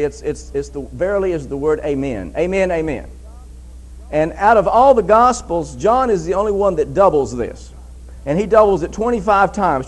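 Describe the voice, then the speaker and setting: A man's voice: fairly high pitch, expressive, normal speed, poor audio. A man preaching a sermon in an emphatic way, repeating phrases for stress and reading scripture aloud.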